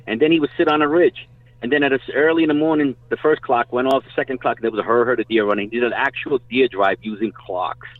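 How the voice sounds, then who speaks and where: Gruff folksy hunter on a phone line. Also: male voice, on the low side, no room sound. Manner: rambling, swears casually, folksy. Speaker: guest hunter telling stories. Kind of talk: casual storytelling. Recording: tinny phone-line audio.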